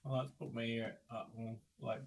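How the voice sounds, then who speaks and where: A man's voice: mid-range voice, level tone, unhurried, a little hiss or hum. A man playing at a tabletop game, laid-back and laughing often. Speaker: player. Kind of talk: casual chat at a game table.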